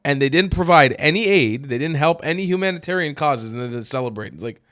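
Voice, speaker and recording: A man hosting opinionated political commentary, cursing freely and swinging from flat asides to loud, exasperated outbursts. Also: fairly high pitch, quick pace, few pauses, no echo, clean studio sound.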